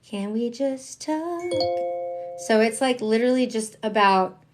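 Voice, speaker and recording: A woman giving a live-streamed tarot reading, chatty and emphatic, dropping slang and swinging between hushed asides and excited outbursts. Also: a little high, a little slow, over music. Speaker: tarot reader.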